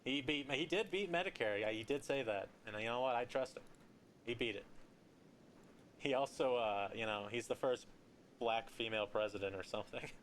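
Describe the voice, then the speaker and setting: Raspy-voiced man rambling over gameplay. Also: mid-range voice, normal speed, a bit bright, a little hiss or hum. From Colorado. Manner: rambling, joking asides. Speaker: game streamer. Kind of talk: casual gameplay commentary.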